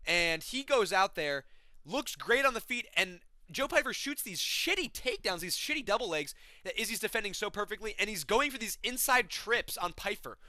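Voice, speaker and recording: A man hosting a casual fight recap, ranting in an agitated, profane, animated way from a room at home with friends. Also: high voice, normal speed, no room sound.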